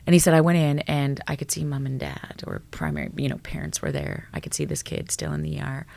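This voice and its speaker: A woman, a psychologist guest on a podcast, telling stories in an animated, blunt way, swearing freely and dropping to a hushed tone at tender moments. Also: sits low, quick pace, gravelly. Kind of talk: storytelling in a podcast interview.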